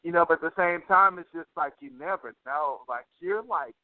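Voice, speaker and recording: A man co-hosting a casual podcast, swearing freely and leaning on "like" as he tells an animated story. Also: fairly high pitch, moderate pace, no echo. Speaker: podcast co-host. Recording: tinny phone-line sound, dry.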